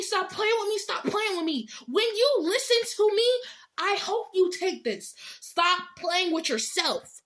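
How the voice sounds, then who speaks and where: A woman's voice: very high voice, animated, measured pace, sharp tone. A young woman in a heated motivational rant, blunt and profane, hammering home each point by repeating it with growing force. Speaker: vlogger giving life advice.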